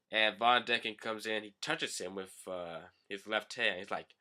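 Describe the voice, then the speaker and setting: A man's voice: fairly low pitch, normal speed, hardly any pauses, pushed and bright. A man giving a casual, profane and sarcastic comedic recap of a manga chapter, rambling as he goes. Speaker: manga reader and commentator.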